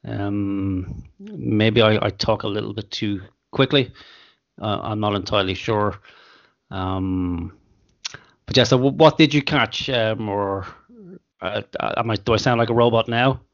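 A man hosting a podcast over an internet call, measured and dry, with casual swearing. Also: on the low side, lo-fi sound. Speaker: podcast host.

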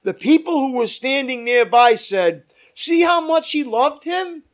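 A man leading a Bible study as pastor, reading scripture aloud with emphatic rises and dropping to quiet asides. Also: very high-pitched, expressive, measured pace.

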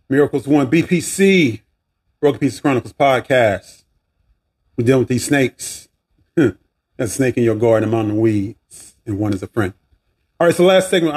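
A man with a Southern accent hosting a faith podcast, talking casually and preachily, with restarts, asides and a voice that rises and falls a lot. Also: breathy edge. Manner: preachy, animated, swinging pitch, asides and restarts. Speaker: podcast host.

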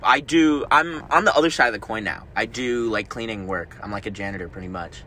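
Fast-talking bright-voiced young guy. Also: lowish voice, slight background noise. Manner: quick, teasing, opinionated. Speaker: podcast guest. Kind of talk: casual chat.

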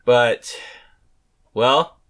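A man's voice: mid-range voice, very slow, a bit bright. A man from the United States co-hosting a podcast, talking casually, laughing often and trailing off mid-thought. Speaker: podcast co-host. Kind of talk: casual chat.

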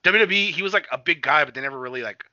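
A man co-hosting a casual wrestling chat and retelling events in an animated way, sometimes mimicking other people and swearing. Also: on the high side, racing, dry recording. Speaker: podcast co-host. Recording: dull lo-fi dry sound.

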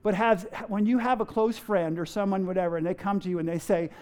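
Man preaching through rapid rhetorical questions. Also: high voice, fairly even intonation, a little mellow, clear, resonant tone. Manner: fires rhetorical questions at the audience; playful, acts out everyday quotes, chuckles. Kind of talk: sermon.

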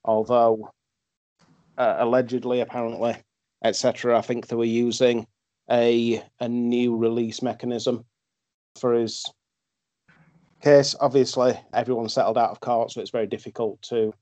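A man in casual chat, recounting facts in a measured, hesitant way with repeated restarts. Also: medium pitch, level tone, warm tone, no echo.

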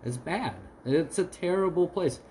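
A man's voice: high voice, unhurried, noisy background. A man co-hosting a podcast who chats casually and spins joking made-up stories. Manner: joking, improvises mock stories. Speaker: podcast co-host. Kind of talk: casual chat.

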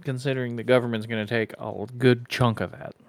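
A man co-hosting a podcast, talking casually with relaxed, short replies. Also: medium pitch, fairly quick, no echo, clean studio sound. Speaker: podcast co-host. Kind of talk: casual chat.

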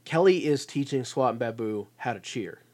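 A man's voice: mid-range voice, lively intonation, moderate pace, a little mellow. A man co-hosting a casual chat about a TV show, laughing often and restarting his sentences. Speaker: podcast co-host.

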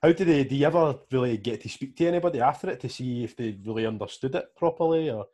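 Man, husky voice, fast, halting co-host. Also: medium pitch, warm tone.

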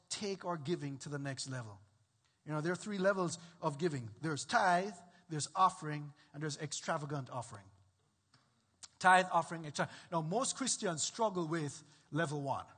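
High, bright-voiced preaching man in a hall. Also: breathy edge. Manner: animated, emphatic preaching with rising bursts. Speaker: pastor. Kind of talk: sermon. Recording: echoey hall with long reverb.

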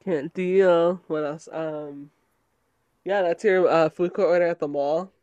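A man's voice: a little high, steady tone, slow pace, a little mellow, smooth, lo-fi sound. A young man co-hosting a podcast in casual chat, teasing his friend and laughing often. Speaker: podcast co-host.

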